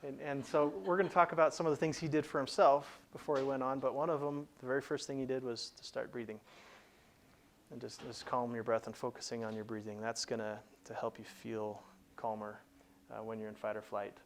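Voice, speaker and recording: A man's voice: mid-range voice, little pitch movement, brisk, a little hiss or hum. A man hosting a career advice show, explaining plainly in a conversational teaching style with frequent restarts. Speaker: career coach host.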